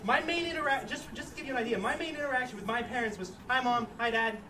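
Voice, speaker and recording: A young man called up from the audience at a live improv show, answering in a dry, deadpan way. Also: very high-pitched, racing. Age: young adult. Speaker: audience volunteer. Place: small theater with live audience. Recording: distant stage audio, noisy crowd.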